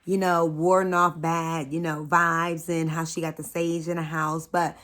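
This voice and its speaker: Slangy, low-voiced woman recapping a show. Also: level tone, a little slow, fairly bright tone. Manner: slangy and candid, with frequent swearing; chatty asides to viewers. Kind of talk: casual reality show recap.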